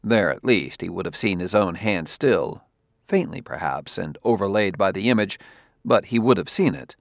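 A man reading a novel aloud as audiobook narrator, in a measured, steady way. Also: low-pitched, vocal fry, no echo, clean studio sound. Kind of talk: scripted narration.

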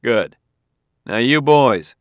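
A man voicing a wary male detective who talks crisply and gives orders. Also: medium pitch, expressive, very slow, no echo, clean studio sound. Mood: commanding. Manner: sharp, giving crisp orders.

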